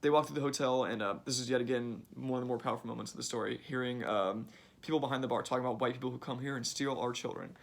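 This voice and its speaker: A man's voice: mid-range voice, fast talker, gravelly. A young man giving a casual summary of a book he read, chatty and full of fillers like "like" and "uh".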